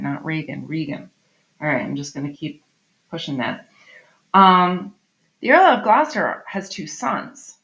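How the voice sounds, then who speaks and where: A woman's voice: lowish voice, a bit bright. A middle-aged woman teacher giving a recorded online literature lesson, explaining in a chatty way and often checking in with "right?". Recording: slightly dull lo-fi audio.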